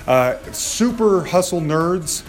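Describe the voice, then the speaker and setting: A man's voice: high-pitched, lively intonation, slow pace. A male podcast host who talks casually, agreeing readily and rambling with many fillers. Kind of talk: casual podcast chat and outro. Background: music.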